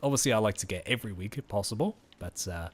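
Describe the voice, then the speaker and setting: A man's voice: on the low side, lively intonation, quick pace, slight background noise. A tired man chatting casually with viewers while streaming a game, easygoing and friendly. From Australia. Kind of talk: casual live-stream chat.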